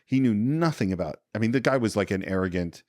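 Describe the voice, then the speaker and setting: A man with a fairly low voice recounts film scenes in a relaxed podcast chat. He drops into quoted lines and adds history asides, recorded close with a dry, dead sound. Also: quick pace, no echo. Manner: animated storyteller, acts out quoted lines. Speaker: podcast co-host. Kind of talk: casual film discussion.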